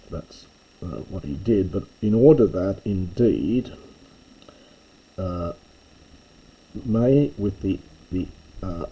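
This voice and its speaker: Slow, low-voiced man explaining Greek. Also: dark tone, breathy edge, poor audio. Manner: methodical, pausing to restate and correct himself. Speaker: teacher. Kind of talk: line-by-line commentary on a Greek text.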